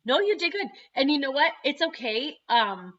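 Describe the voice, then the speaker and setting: A woman, the parent of an autistic son, chatting casually on a video call and telling stories in an animated way. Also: high-pitched, normal speed, lo-fi sound. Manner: chatty, animated storytelling with frequent laughs. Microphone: computer microphone on a video call.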